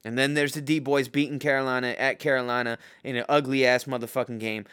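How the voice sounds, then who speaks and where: A man's voice: medium pitch, level tone, brisk, fairly bright tone, smooth, no echo, studio quality. A man giving football picks in a profane, rambling casual rant, full of fillers and restarts. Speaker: host making football picks.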